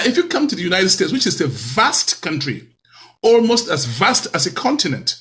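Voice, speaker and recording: A man hosts a talk show in a high, bright voice. His pitch swings widely as he preaches at his audience and piles up rhetorical questions. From Cameroon. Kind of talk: hosting a video talk show.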